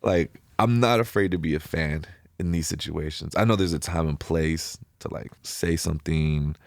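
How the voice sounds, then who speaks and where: Very deep-voiced young man, slangy storyteller. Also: moderate pace, vocal fry, no echo, studio quality. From Ventura County, California. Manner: relaxed, slangy storytelling, filler "like" everywhere. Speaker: podcast guest. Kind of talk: casual storytelling interview.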